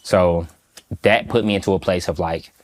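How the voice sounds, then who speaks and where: A man from Michigan, a guest in an interview, recounting a personal story in a slow, halting, reflective way with many pauses. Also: low-pitched, fairly even intonation. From Michigan, USA.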